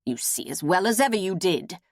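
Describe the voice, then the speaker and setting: A woman reading an audiobook, voicing a scheming, half-mad noblewoman with sharp, heated outbursts. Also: on the low side, sing-song, fairly quick, no echo, studio quality. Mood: raging.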